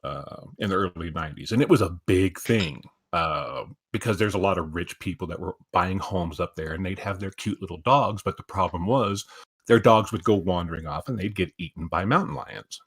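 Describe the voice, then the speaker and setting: Man, 50s, lowish pitch, casual storyteller, swears a lot. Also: normal speed, husky. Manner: profane, animated storyteller. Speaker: stream co-host.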